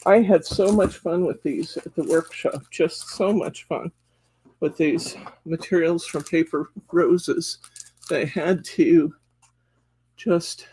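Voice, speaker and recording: Slow, gravelly man hosting a craft demo. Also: fairly high pitch, a little mellow. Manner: chatty, laughs often, greets viewers by name. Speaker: craft class host. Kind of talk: live craft demo chat.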